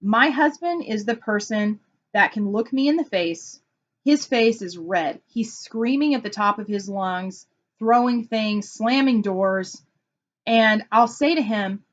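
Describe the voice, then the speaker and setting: A woman's voice: fairly high pitch, measured pace. Lady consultant vlogging, chatty storytelling, acts out quotes, kinda dull lo-fi sound. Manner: animated storytelling with acted-out quotes. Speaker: Enneagram consultant. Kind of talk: casual explanatory vlog talk.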